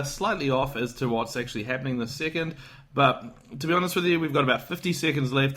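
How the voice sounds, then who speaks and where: A man hosting a casual podcast, excited and rambling, swearing freely, tired from staying up late. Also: medium pitch. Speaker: podcast host.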